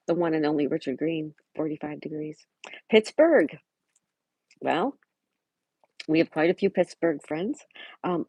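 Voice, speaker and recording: A woman's voice: deep voice, mellow, slightly rough, no echo. A woman hosting a casual livestream, chatting and reading out viewers' messages and greeting them by name. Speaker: livestream host. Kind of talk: casual live-chat reading.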